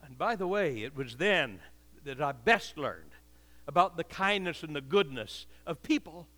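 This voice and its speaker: A man's voice: fairly high pitch, big pitch swings, unhurried, bright, forceful tone. An older man preaching a sermon with impassioned, repetitive cadences, heard with long reverb in a hall.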